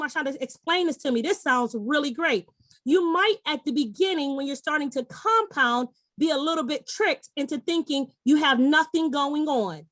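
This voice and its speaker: A middle-aged woman with a high, upbeat voice pitches an investment to a webinar audience, coaxing them directly. She speaks over a video call with a dry, close sound and no room echo. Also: fairly bright tone. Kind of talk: persuasive sales pitch.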